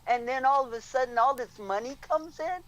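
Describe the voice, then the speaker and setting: A woman's voice: sits high, a little fast, a bit bright, poor audio. A woman co-hosting a live stream, chatting casually and gushing in an effusive way. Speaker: co-host reading donations. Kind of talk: casual livestream chat.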